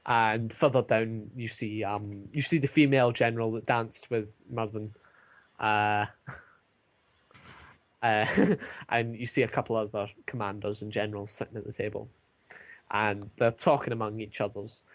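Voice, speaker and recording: A man running a tabletop game as game master, narrating with many pauses and fillers. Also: fairly low pitch, steady tone. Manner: hesitant, many fillers, laughs at own jokes.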